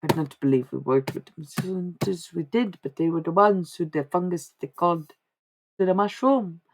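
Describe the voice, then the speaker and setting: A woman's voice: on the low side, moderate pace, background noise, natural voice. A woman speaking as a channeled old male holy man, preaching in plain, broken phrases. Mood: solemn.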